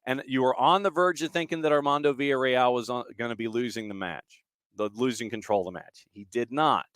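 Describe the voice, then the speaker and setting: Man, sports talk host, rambling with lots of fillers, smooth clear voice, dry close sound. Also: medium pitch, a little fast, a bit bright, no room sound. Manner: rambling with many fillers, repeats phrases for emphasis. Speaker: podcast host.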